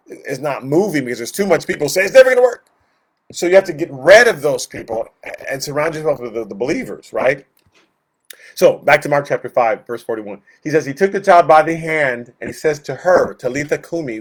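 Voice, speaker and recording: A man leading a Bible study, teaching in a conversational way, with lots of fillers, who acts out the voices in the stories he retells. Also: medium pitch.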